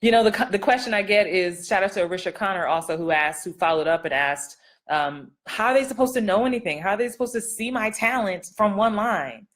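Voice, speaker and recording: A woman's voice: mid-range voice, expressive, fairly quick, slight background noise. A middle-aged woman acting coach giving casual live-stream advice, playful and sassy, laughing often and acting out line readings.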